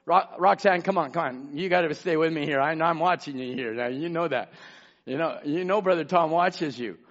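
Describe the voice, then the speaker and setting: Man, pastor preaching a sermon, high voice, shouts then hushed asides, muffled lo-fi sermon recording. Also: normal speed. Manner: calls out congregation members by name.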